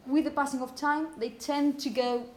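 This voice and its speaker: A woman teaching a pronunciation class, calling on students and asking "okay?" often, and repeating words slowly. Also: sits high, fairly even intonation, a little hiss or hum. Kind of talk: classroom phonetics lesson.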